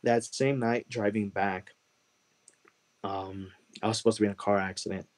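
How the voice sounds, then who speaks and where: Guest testimony: earnest man with a lowish voice, emotional, repeats himself for emphasis. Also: fairly even intonation, normal speed. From Chicago, USA.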